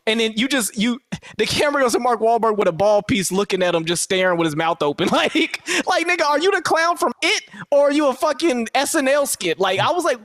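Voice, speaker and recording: This podcast co-host has a very high voice and talks fairly quickly, captured in clean studio sound with no room echo. Animated and profane, he rants casually about movies and performs quotes in character voices as part of a relaxed review conversation.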